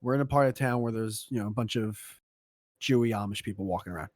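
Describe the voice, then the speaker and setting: A man's voice: fairly low pitch, fast talker, darkish tone, dry recording. Rambling, profane man, dry close mic. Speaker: podcast co-host. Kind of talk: casual podcast chat.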